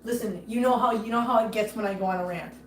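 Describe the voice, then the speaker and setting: A woman's voice: medium pitch, quick pace, a little hiss or hum. A woman hosting a casual livestream, ranting angrily and greeting viewers by name between outbursts. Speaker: livestream host. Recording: echoey room with faint ambience.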